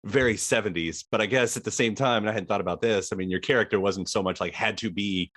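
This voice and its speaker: A man from the Southern US hosts an interview in a somewhat low voice. He asks his questions loosely and conversationally, circling back and restarting as he goes. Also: quick pace, fairly bright tone. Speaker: podcast host. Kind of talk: casual interview.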